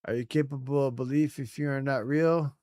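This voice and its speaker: A man voicing an ancient, all-knowing cosmic entity from a video game, reading its lines slowly and solemnly. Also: mid-range voice, fairly even intonation, a little mellow, no echo, studio quality, natural voice. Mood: questioning.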